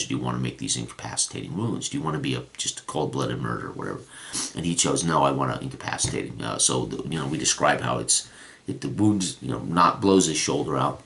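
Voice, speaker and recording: A man recapping a one-on-one tabletop game as game master. His voice sits extremely low with a gravelly edge. He rambles through the story, often restarting his sentences. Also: fairly bright tone.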